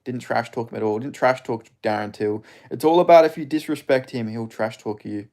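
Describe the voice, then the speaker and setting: A man chatting casually on a live stream, answering viewer questions in a loose, rambling way. His voice sits at an ordinary middle pitch. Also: fairly quick, darkish tone.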